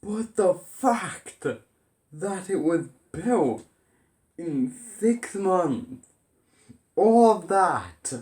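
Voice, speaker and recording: A man's voice: a little high, dark tone, roomy sound. A man ranting in an exasperated, sarcastic way as a vlogger. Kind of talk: ranting commentary.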